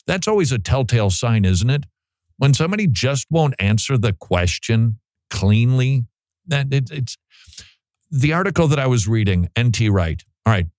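A man hosting a talk show, giving sarcastic, animated commentary. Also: mid-range voice, dry recording. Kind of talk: opinionated commentary.

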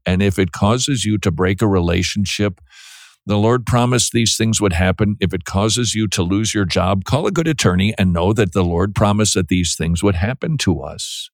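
A man's voice: on the low side, moderate pace, dry recording, clean studio sound. A man hosting a call-in radio show, talking bluntly and emphatically, often restarting and repeating words. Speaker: radio host.

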